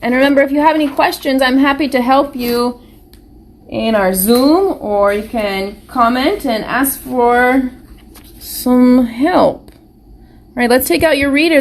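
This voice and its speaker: Patient woman teacher, slightly high voice, very slow and encouraging with young kids. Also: a little hiss or hum. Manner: patient, encouraging, speaks slowly with questions to children. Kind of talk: live online phonics lesson for young children.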